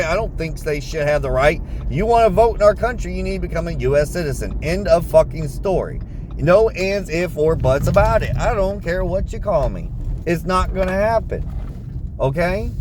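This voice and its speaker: A man rants in a heated, blunt voice, swearing freely as he vents. His voice sits a little high for a man. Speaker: vlogger. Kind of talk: angry political rant to camera.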